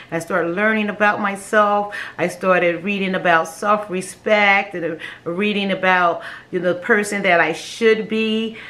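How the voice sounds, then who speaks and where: A woman's voice: medium pitch, fairly bright tone. Emotional woman telling a personal story. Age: adult with children. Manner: emotional, halting, repeats words, laughs between phrases. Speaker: vlogger sharing a personal story.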